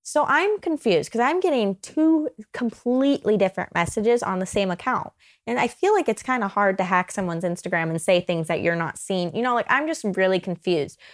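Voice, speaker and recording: A woman's voice: mid-range voice, expressive, normal speed. A young adult woman, a podcast guest, telling a personal story in casual chat and often saying "like". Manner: chatty, filler-heavy with frequent "like".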